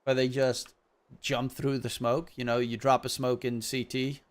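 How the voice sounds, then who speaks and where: A man casting an esports shooter match alone, rambling casually between calls and getting loud on the big plays. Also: mid-range voice, little pitch movement, measured pace. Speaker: esports caster. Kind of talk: solo casting commentary.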